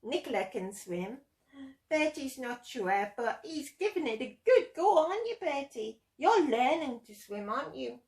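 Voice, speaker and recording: A woman reading a picture book aloud to children as a storyteller, gentle and expressive, often asking them questions. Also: high-pitched, unhurried. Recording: roomy echo.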